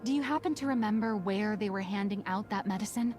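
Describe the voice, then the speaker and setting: An actress voicing a curious, analytical young woman who speaks in a measured, inquisitive way in game dialogue. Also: medium pitch, a little mellow, natural voice. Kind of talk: game dialogue, voiced cutscene. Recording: game audio with music behind.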